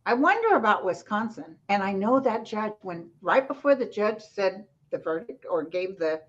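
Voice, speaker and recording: A woman's voice: medium pitch, sing-song, normal speed. A woman joining a casual chat as guest psychic over a video call, talking in rambling, trailing sentences. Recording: dull lo-fi call audio.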